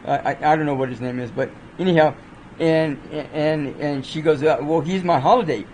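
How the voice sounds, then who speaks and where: A man's voice: fairly high pitch, fairly even intonation, normal speed, a little mellow, a little hiss or hum, rough recording. A man casually reviewing movies off the cuff, rambling with many fillers and restarts.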